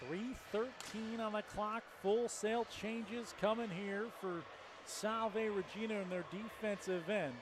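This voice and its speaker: A man's voice: high-pitched, fairly even intonation, slow, noisy background. A man calling a college hockey game play by play, joking with his partner between calls. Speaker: play-by-play commentator.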